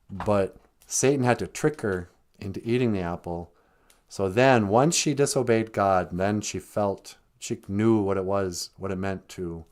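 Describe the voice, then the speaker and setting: A man telling a rambling comic story on a live stream, with offhand asides. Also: lowish voice. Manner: rambling, animated, chuckling asides.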